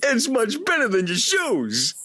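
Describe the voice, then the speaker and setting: A man voicing a cartoon bear playing a sly, menacing male doctor, in a teasing, drawn-out way. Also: very high-pitched, huge pitch swings, crowd noise, heavily acted. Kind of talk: live staged script reading.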